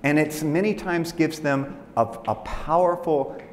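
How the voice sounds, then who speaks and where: A man, a pastor, telling a story and talking to fellow pastors in an animated way. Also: on the high side, unhurried. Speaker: pastor, conference speaker. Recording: echoey hall, faint background noise.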